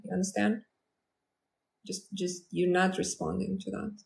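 A woman's voice: mid-range voice, level tone, moderate pace, vocal fry, roomy sound. A woman hosting a casual live stream as a manifestation coach, talking confidently and chattily to viewers. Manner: confident, chatty, acts out quoted lines.

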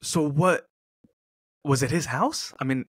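A man's voice: a little high, fairly bright tone, breathy edge. A man hosting a podcast, chatting casually and joking with his guest. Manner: joking, chiming in with quick reactions. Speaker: podcast host. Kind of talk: casual chat.

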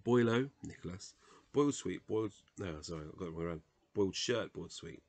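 A man's voice: deep voice, lively intonation, darkish tone. A man reading dictionary entries aloud late at night, sounding tired, stumbling over pronunciations and muttering self-corrections. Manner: reads words in a halting, self-correcting way with muttered asides. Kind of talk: casual solo reading vlog.

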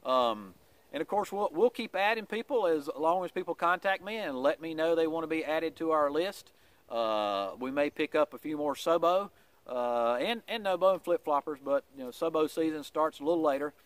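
A man's voice: a little high, normal speed, no echo. Folksy man with many fillers. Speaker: vlogger giving weekly hiker updates. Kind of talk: casual vlog update.

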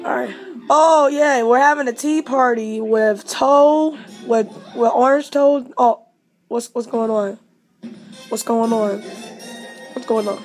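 A woman hosting a casual let's-play, excitedly reacting out loud to the game as she plays. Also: on the high side, slow, faint music behind. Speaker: gaming channel host.

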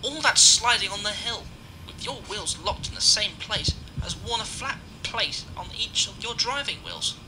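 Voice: mid-range voice, a little slow, background noise. Ein Erzähler als ruhiger Lokführer. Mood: calm. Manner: calm, explaining. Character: calm, patient male engine driver.

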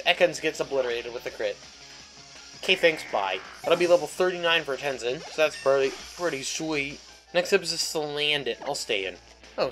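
A man's voice: on the high side, a bit bright, rough recording. A man casually commenting on his game run, chatty and jokey, swearing freely. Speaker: let's play host.

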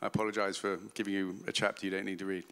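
Low-voiced man telling funny stories. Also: rapid-fire, clear, resonant tone. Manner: laughing, self-mocking, lively anecdotes. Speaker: author being interviewed. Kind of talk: live storytelling at a literary festival. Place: festival stage before a live audience.

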